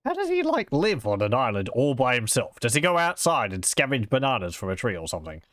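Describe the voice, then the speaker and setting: A man's voice: medium pitch, wildly swooping pitch, fairly quick, fairly bright tone, no echo, clean studio sound. Man chatting through a retro game. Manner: chatty, wry asides. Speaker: let's play gamer. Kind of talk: casual game commentary.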